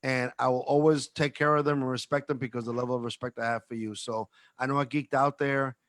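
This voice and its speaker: A man's voice: medium pitch, fast talker, no echo. A man from the cigar industry telling a rambling story on a video call, full of restarts and asides. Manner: animated, rambling with many restarts. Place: at home.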